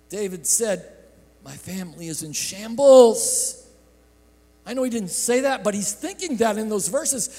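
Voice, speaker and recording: A male pastor with a very high voice preaches slowly and deliberately, letting his pitch leap and fall across a wide range. He shouts out some phrases and drops others to a near hush. The sound rings with the long reverb of a large church sanctuary. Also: very animated. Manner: impassioned preaching with sudden shouts and hushed drops; slow, drawn-out delivery. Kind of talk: sermon.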